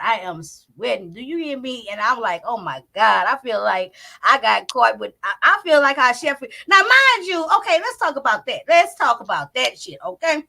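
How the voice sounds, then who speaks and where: A woman hosting a live commentary stream from home, loud and profane, talking straight to her chat. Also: a little high, big pitch swings, moderate pace, gravelly, hardly any pauses. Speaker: commentary channel host. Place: home, indoors. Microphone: not on camera, live stream mic.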